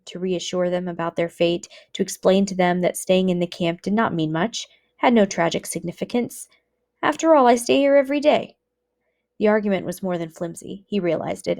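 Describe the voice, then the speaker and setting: Woman teacher, measured book reading for a class, lower pitch. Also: fairly even intonation, a little mellow.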